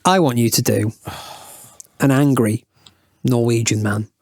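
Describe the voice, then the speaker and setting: A man's voice: mid-range voice, unhurried, darkish tone, no echo, studio quality. A man hosting a casual podcast chat in a playful way, setting up comic challenges for his guests. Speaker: podcast host.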